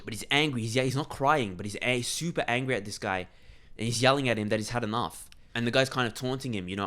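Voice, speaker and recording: A man's voice: medium pitch, fast talker, a bit bright. A man giving a casual spoken movie review, rambling with frequent restarts.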